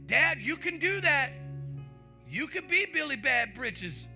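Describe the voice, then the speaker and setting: A man preaching a sermon in an animated, playful way, often asking the congregation questions. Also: very high-pitched, takes it slowly. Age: young adult to middle-aged. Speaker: pastor. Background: music.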